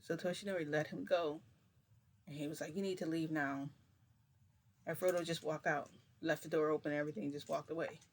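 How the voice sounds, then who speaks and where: A woman telling a long personal story in a casual, rambling way, full of fillers and restarts, keeping her voice low. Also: steady tone, fairly quick. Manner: rambling, filler-heavy retelling with many restarts; speaks low to keep quiet. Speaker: storytime vlogger.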